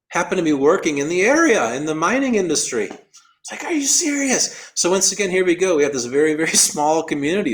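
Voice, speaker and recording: A man from the United States, an endurance athlete, recounting a race in a storytelling interview, often restarting and repeating words as he explains things in a precise, technical way. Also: a little high. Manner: repeats words on restarts, acts out quoted voices.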